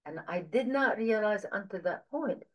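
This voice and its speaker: A woman's voice: mid-range voice, lively intonation, moderate pace, low-quality recording. Earnest woman sharing a spiritual testimony. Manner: earnest storytelling, voices quoted people with rising emotion. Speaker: women's Bible study teacher. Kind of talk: testimony sermon.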